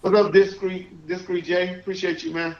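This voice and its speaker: Man, livestream host, casual shout-outs, voice a touch high, muffled lo-fi sound. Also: moderate pace, slight background noise. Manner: relaxed, reads out viewer shout-outs. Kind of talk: casual live-stream chat. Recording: echoey, dull lo-fi stream audio.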